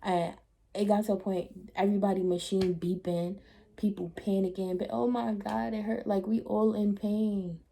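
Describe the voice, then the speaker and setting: Young woman vlogger, mellow husky low voice, blunt lively storyteller. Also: normal speed. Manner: blunt, animated retelling with slangy asides. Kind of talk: casual storytime chat.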